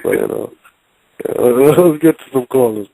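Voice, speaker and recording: A man hosting a call-in show, talking casually, loudly and profanely, often repeating words as he rambles. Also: mid-range voice, measured pace, gravelly, a little hiss or hum, low-quality recording. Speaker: show host.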